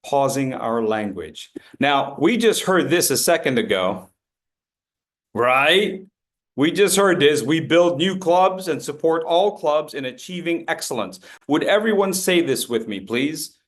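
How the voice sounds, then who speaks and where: A man's voice: on the high side, lively intonation, unhurried. A man presenting a public speaking workshop, joking with the audience and leading group drills. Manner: playful, jokey, leads group drills.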